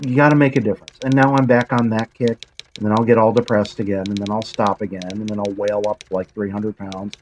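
A woman's voice: very deep voice, a little mellow, a little hiss or hum, low-quality recording. A woman hosting her channel, rambling through a casual monologue with blunt, self-deprecating asides and the odd swear. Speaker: channel host.

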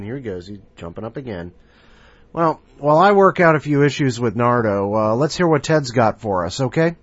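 A man's voice: medium pitch, very animated, normal speed, no room sound. Male podcast host, playful and rambling, dry muffled sound. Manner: rambling, playful, self-mocking. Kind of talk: casual show hosting. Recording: dry, slightly muffled home recording.

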